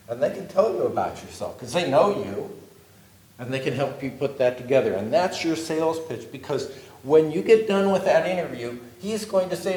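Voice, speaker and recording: In an echoey meeting room before a live audience, a man with an expressive, mid-range, slightly mellow voice gives a workshop on job interviews, talking a little fast. He's conversational and repetitive, constantly checking in with "okay?".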